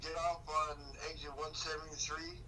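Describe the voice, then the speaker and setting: A man rings in to a radio talk show to talk about his restaurant. His voice sits a bit high, and he comes through a phone line from some distance off the mic. He talks in a rambling, cheerful, unhurried way. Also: completely flat delivery, sharp tone. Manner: rambling, upbeat, slow-paced storytelling. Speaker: restaurant owner calling in.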